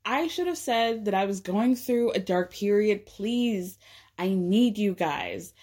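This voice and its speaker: A woman's voice: mid-range voice, expressive, slow, darkish tone. A woman voicing a contrite woman who apologizes and pleads for forgiveness. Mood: pleading.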